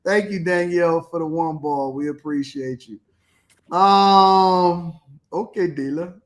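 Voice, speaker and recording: A man's voice: on the high side, takes it slowly. A man hosting a podcast, casually reading out viewer comments and thanking them by name. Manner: casual, shouting out viewers, chuckling. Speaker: podcast host. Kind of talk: reading live chat comments.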